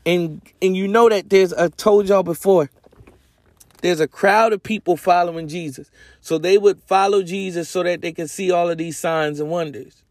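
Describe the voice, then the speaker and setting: A man's voice: sits high, fairly even intonation, moderate pace, a little mellow, no room sound. A man hosting a podcast, teaching the Bible in a casual, rambling way with lots of slang and self-corrections. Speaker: podcast host.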